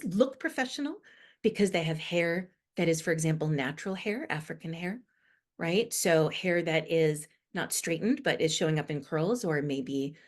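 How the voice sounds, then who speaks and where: A middle-aged woman from the United States, a guest expert explaining earnestly in a podcast interview. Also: lowish voice. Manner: earnest, animated explaining with rising emphasis. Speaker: guest expert on inclusive language.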